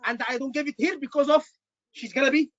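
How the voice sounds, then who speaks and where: A man's voice: extremely high pitch, steady tone, fast, fairly bright tone, no echo, lo-fi sound. A man tutoring students for a medical exam, emphatic and repeating his words. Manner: emphatic, repeats words, says "brother" often. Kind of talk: online teaching session.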